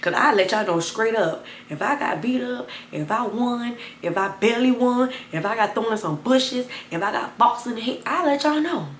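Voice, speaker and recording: A young woman telling a wild personal story to camera, animated and chatty, talking straight to her viewers. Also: normal speed, hardly any pauses, reverberant, a little hiss or hum. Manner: animated, addresses viewers as y'all, bursts of high excited retelling. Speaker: storytime vlogger.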